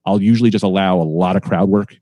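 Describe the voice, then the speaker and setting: Male comedian guest, low warm voice, dry sound; rambling, profane storyteller. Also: fairly even intonation, fast talker, no echo. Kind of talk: casual podcast storytelling.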